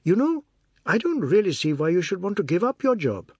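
A man reading aloud voices a brisk, mocking newspaper editor, lifting his voice to quiz and tease. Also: very animated, a little mellow, slightly rough, dry recording, heavily acted. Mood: amused. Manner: quizzing, teasing, higher-pitched.

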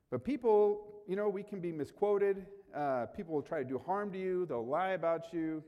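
A man's voice: sits high, moderate pace, few pauses, big-room sound, highs cut off. A male pastor preaching a sermon in a conversational way, rising sharply for emphasis.

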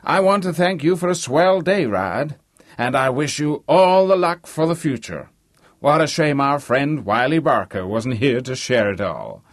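A man's voice: medium pitch, lively intonation, a little slow, dry recording, clean studio sound, pitched above the performer's own voice. A man voicing a brash, wealthy businessman with an American accent who talks expansively. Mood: breezy. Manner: expansive, breezy.

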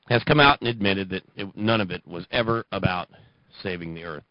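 Brief: male talk radio host, mid-pitched, mocking and heated, dry dull broadcast sound. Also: brisk, no echo. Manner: sarcastic, ranting, mocking. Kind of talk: political talk radio monologue.

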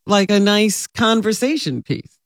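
A woman's voice: mid-range voice, animated, a little slow, no room sound, studio quality. A woman co-hosting a radio talk show, reacting with easy amusement.

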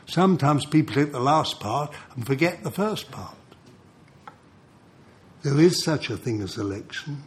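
An older man preaching a sermon, telling stories in an animated way and chuckling between points. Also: medium pitch, measured pace, long pauses. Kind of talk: sermon with storytelling.

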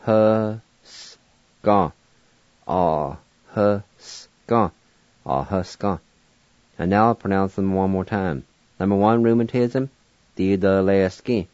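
A man giving a radio language lesson, spelling each word letter by letter and then pronouncing it with careful, deliberate patience. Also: low voice, darkish tone, no room sound, highs cut off. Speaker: language teacher.

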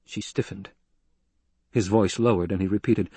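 A man narrating an audiobook in a measured, dramatic storytelling manner with a husky voice. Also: fairly low pitch, fairly even intonation, mellow, no room sound.

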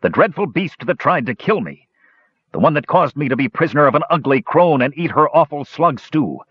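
Brutish vengeful warrior guy, a narrator doing the voice, husky and mocking, dull dry audio. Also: fairly high pitch, lively intonation, a little fast, no echo, voice pushed up. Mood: bellowing. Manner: mocking, bellowing threats.

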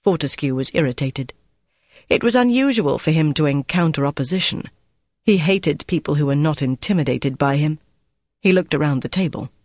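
An audiobook narrator reading a novel in an even, measured storytelling manner. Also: medium pitch, dry recording, clean studio sound. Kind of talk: scripted narration.

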